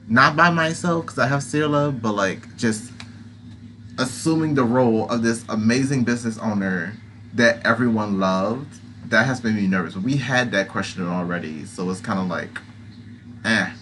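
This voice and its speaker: A man's voice: mid-range voice, normal speed, a bit bright, slight background noise. A man doing casual let's-play commentary, chatty and playful as he reads game text aloud. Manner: chatty and playful, laughs often. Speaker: gaming video creator.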